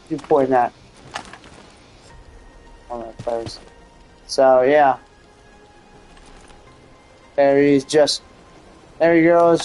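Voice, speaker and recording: A man giving casual commentary over a video game, slow and unhurried. His voice sits a bit high, and he stops and restarts often while looking for words. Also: a little mellow, clear, resonant tone, rough recording. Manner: hesitant, full of restarts and fillers. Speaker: gaming channel host.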